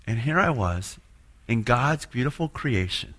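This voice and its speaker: A man telling an earnest spoken testimony of faith, moving between hushed passages and loud, impassioned ones. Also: medium pitch, lively intonation, unhurried. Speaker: churchgoer sharing a personal testimony.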